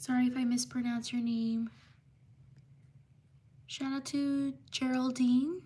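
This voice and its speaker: A woman hosting a live stream, reading out viewers' names one by one and quickly apologizing for mispronunciations. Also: high-pitched, level tone, mellow. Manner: slow, drawn-out name reading with quick apologies. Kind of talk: live stream shout-outs.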